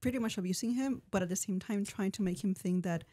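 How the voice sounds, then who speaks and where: Co-host woman with a husky voice. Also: medium pitch, quick pace, warm tone, no echo. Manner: brief reactions, laughing along. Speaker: podcast co-host. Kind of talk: casual podcast chat.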